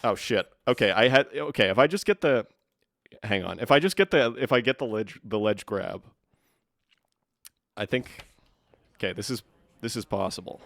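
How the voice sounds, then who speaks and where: A man streaming a video game live, talking to himself and his viewers as he plays. He jokes, thinks aloud and chats casually. His voice sits a little low. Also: animated, moderate pace, creaky, a bit bright, dry recording. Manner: chatty, joking, thinks aloud. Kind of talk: live gameplay commentary.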